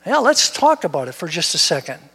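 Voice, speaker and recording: A pastor telling a personal story in a sermon, animated and repeating words as he goes. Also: fairly high pitch, brisk, gravelly, husky. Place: church sanctuary. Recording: long reverb of a church hall.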